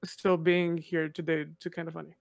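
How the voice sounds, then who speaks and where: A podcast co-host speaking softly and sincerely. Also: mid-range voice, flat delivery, normal speed, vocal fry, no echo, studio quality. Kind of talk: casual podcast chat.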